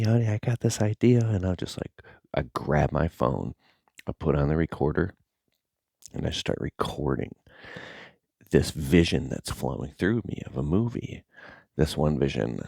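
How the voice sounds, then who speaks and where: A middle-aged man talking casually to camera as a content creator, rambling and animated, sometimes dropping to a near-whisper. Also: very deep voice, gravelly, no room sound, studio quality.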